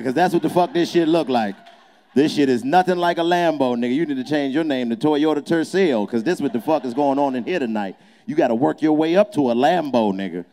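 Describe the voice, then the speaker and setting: Mellow-voiced man roasting a club crowd. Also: fairly high pitch. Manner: boisterous, profane, teasing banter. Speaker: comedian. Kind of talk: improvised comedic roast. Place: inside a small nightclub.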